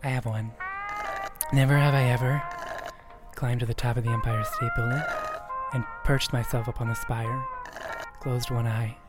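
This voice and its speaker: A man playing Barbara, a deadpan oddball roofer lady. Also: medium pitch, normal speed, pauses often, over loud music, close to an everyday voice. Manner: absurd deadpan, rambling non sequiturs. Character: deadpan oddball woman roofer, middle-aged. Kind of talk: improvised comedy sketch.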